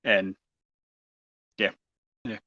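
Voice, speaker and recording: A low-voiced man takes his turn at a tabletop game and describes his character, pausing often as he hunts for words. The voice is close and dry, and the mic sounds dull and lo-fi. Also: fairly even intonation, dry recording. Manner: halting, searching for words. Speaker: player.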